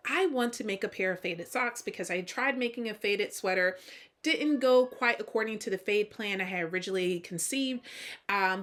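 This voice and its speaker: A woman's voice: medium pitch, a bit bright. A tired woman in her thirties with a slight Southern US twang, hosting a casual knitting vlog in a chatty, self-deprecating way. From Georgia, US. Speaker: host.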